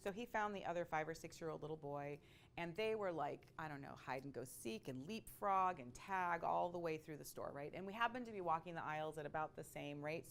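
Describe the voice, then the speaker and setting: A woman telling a personal story in a conversational, expressive way, with frequent asides to her listeners. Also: low-pitched, gravelly, slight background noise. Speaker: speaker sharing a personal story.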